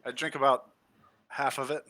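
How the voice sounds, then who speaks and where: A man's voice: mid-range voice, level tone, normal speed, bright, forceful tone, no echo. A man playing in a remote tabletop game, speaking in a dry, offhand way. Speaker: player. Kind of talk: casual chat during a tabletop game.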